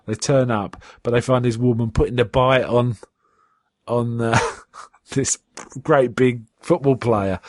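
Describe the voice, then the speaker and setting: A man's voice: mid-range voice, no room sound. Chatty man recapping TV, dry sound. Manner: animated retelling, acts out quotes in a raised voice; chatty, with many fillers and restarts. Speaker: podcast co-host. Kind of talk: casual episode recap chat.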